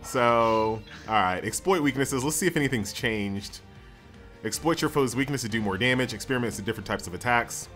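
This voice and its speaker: Over game music, a man hosting his own gaming channel gives upbeat, casual let's-play commentary and reads tutorial prompts aloud. His mid-range voice is expressive, fairly quick and fairly bright.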